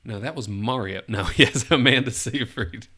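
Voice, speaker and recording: A man's voice: mid-range voice, moderate pace, bright, forceful tone, breathy edge. A man hosting a casual podcast, running a guessing game and giving teasing hints with chuckles. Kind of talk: casual chat.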